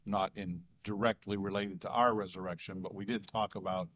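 A man with a fairly low voice talks through a draft statement of belief with his church group. He speaks hesitantly, restarting his sentences and chuckling now and then. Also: steady tone, fairly quick, a bit bright. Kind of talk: casual group discussion.

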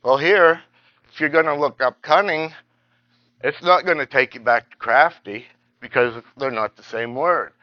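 Man, Bible study teacher, halting restarts, dry dull lo-fi sound. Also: a little high, dry recording. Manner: halting, repeats words and restarts, reads scripture aloud.

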